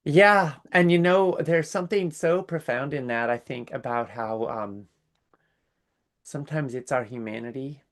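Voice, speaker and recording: Gravelly man reflecting earnestly. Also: mid-range voice, unhurried. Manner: earnest, lists ideas in series. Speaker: workshop host. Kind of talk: reflective commentary.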